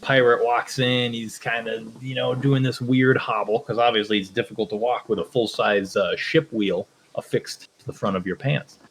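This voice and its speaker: A man's voice: medium pitch, fairly even intonation, normal speed, creaky, few pauses, a little hiss or hum, low-quality recording. A man co-hosting a podcast, chatting casually and laughing as he tells a long groaner joke. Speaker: podcast co-host. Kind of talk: casual chat.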